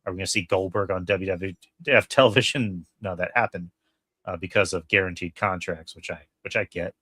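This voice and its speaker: Male podcast host, lowish voice, dry close mic, loose and rambling. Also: steady tone, brisk, pushed and bright, husky, no room sound. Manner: rambling, many fillers and restarts. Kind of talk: casual podcast chat.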